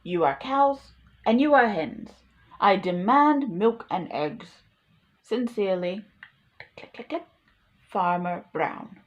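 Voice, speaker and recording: A woman's voice: mid-range voice, lively intonation, slow, pauses often, lo-fi sound. A woman voicing a grumpy male farmer who is fed up with his animals, speaking in an emphatic, indignant way. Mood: stern.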